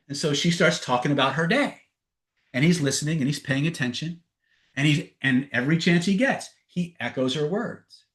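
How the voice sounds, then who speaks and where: A man's voice: on the high side, normal speed, a bit bright. A man leading a live webinar, telling a story and acting out the dialogue, often checking in with "right?". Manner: storytelling, acts out dialogue, frequent "right?" tags. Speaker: seminar trainer. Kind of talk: live webinar teaching with anecdotes. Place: online webinar.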